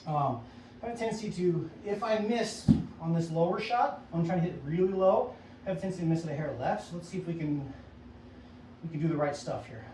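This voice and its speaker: A chatty, upbeat man coaching golf out at a driving range, his voice a bit high for a man. He is picked up from some distance, with a roomy echo and a faint outdoor ambience. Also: brisk, dark tone, a little hiss or hum. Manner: upbeat, chatty, self-coaching with frequent "right?". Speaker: golf instructor. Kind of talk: casual range-session coaching.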